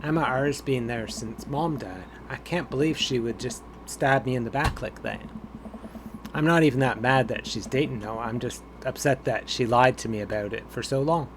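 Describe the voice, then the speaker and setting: Guy reading as a sad teen girl venting to her dad, game dialogue read flat, bit of road noise. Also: medium pitch, moderate pace, natural voice. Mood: hurt. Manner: read aloud flatly from game text. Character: upset teenage girl confiding in her dad.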